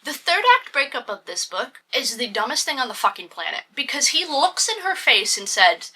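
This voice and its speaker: Bright-voiced young woman ranting about a book. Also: on the high side, big pitch swings, moderate pace, few pauses, husky. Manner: exasperated, swearing, lots of "like". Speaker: book reviewer. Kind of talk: casual book review rant.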